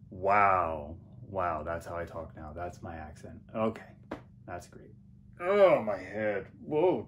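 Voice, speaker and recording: A man's voice: sits low, a little hiss or hum. A man from America playing a freshly regenerated time traveler who mutters and rambles in a daze, in a fan comedy sketch. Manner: dazed, muttering, rambling and self-correcting.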